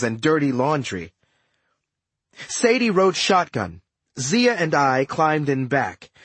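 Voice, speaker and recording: Male audiobook narrator, lively and expressive, breathy tone, dry close mic. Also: a little high, no echo. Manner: animated, expressive storytelling. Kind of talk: first-person audiobook narration.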